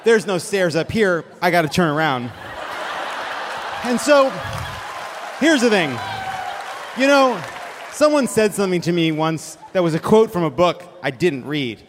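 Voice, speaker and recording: A man in his forties hosts a live comedy show on a theater stage, rambling and making fun of himself, and he breaks into shouts now and then. His voice sits high, and the long reverb of the hall carries it, with a faint murmur from the audience behind him. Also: very animated, a little slow, pauses often. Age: 40s. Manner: rambling, self-mocking, bursts of shouting. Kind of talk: live stand-up banter. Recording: reverberant venue with crowd noise.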